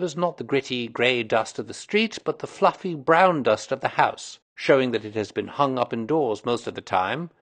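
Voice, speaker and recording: Male reader doing a sharp-minded Victorian sleuth, emphatic and lively. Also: mid-range voice. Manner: precise, lecturing, emphatic. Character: brilliant, self-assured Victorian male detective.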